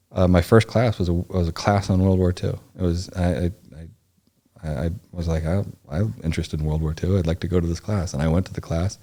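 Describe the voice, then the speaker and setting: A man in his forties from Indianapolis, a guest on a podcast interview, telling his own story in a halting, rambling way with many restarts. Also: sits low, dark tone. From Indianapolis, United States. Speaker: podcast guest, former Navy SEAL and historian.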